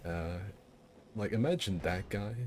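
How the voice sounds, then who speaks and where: Low-voiced man telling rambling stories. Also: lively intonation, a little slow, slight background noise. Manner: rambling, self-interrupting, laughing at his own jokes. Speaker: streamer hosting a game fight night. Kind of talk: casual storytelling over gameplay.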